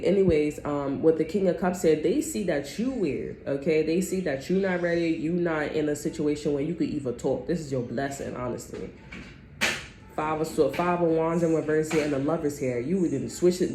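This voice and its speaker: A tarot reader lays out cards in a loose, profane, rambling way, cursing freely and leaping between tangents. The voice sits at an ordinary middle pitch. The room has a noticeable echo with a faint hiss underneath. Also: moderate pace, dark tone. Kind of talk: casual tarot reading. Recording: roomy echo, faint background noise.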